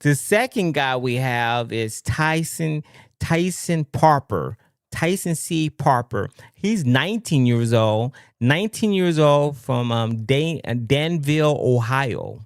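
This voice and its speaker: A man hosting a livestream, talking casually and haltingly with many fillers and frequent exclamations. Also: medium pitch, expressive, no echo, studio quality. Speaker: livestream host.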